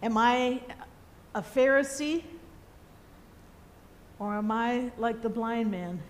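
Woman preacher, slow and gentle, reflective storyteller. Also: fairly high pitch. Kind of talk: sermon storytelling.

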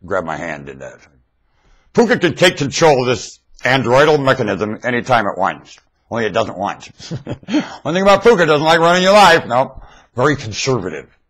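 A man in a rambling webcam monologue, veering between high shouts and low mutters, recorded on a webcam microphone at home. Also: big pitch swings, moderate pace. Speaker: vlogger.

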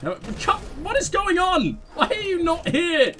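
A man hosting a let's play, giving excitable, self-mocking game commentary full of swearing. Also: extremely high pitch, a little slow.

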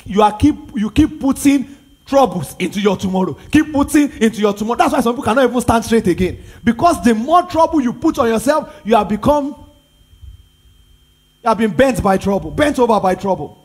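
A man's voice: very high voice, lively intonation, fairly quick, a little mellow, breathy edge. A Nigerian pastor, a man, preaching a sermon with emphatic repetition and rhetorical questions.

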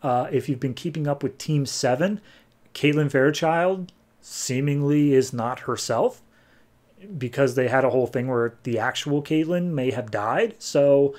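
Man casually recapping comics on a podcast. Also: medium pitch. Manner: animated storyteller, acting out characters' lines in quick voices. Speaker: podcast host.

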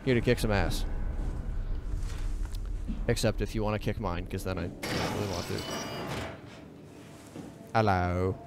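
A man's voice: fairly low pitch, noisy background. A young man commentating his own gameplay, reacting nervously, swearing and talking to the characters on screen. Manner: jumpy, talks to game characters, swears. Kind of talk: let's play commentary.

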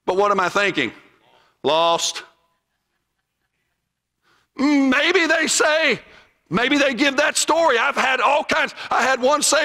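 A man's voice: very high voice, animated, a little slow, sharp tone, long reverb tail. A man with a Southern US accent, teaching evangelism in a church in a folksy, emphatic sermon style, now and then raising his voice. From Southern United States.

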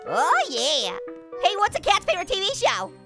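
A man voicing a wisecracking male cartoon orange who plays a game, cracking puns and giggling nonstop in a squeaky, high voice. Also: wildly swooping pitch, moderate pace, vocal fry, sharp tone, soft background music, heavily acted. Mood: giddy, teasing. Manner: nonstop puns and cackling laughter. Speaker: gaming host. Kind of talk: gaming commentary.

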